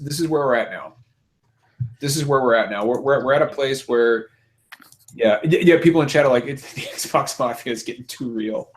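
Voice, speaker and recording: A man hosting a gaming podcast, telling a story in an animated, profane, repetitive way. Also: medium pitch. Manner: animated storytelling, heavy swearing, repeats words. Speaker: podcast host. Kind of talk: casual chat.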